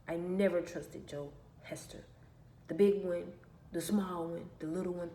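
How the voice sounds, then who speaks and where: Gravelly low-voiced woman venting. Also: steady tone, a little slow, mellow. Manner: emphatic, repeats phrases, aggrieved. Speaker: vlogger. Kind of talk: personal storytelling rant. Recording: echoey room with faint background noise.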